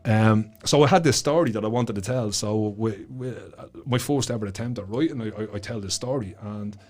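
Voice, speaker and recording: A man's voice: lowish voice, brisk, a little mellow. Passionate Irish man telling stories. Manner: passionate, swears freely, repeats words when emotional. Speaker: podcast guest, author. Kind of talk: casual storytelling chat.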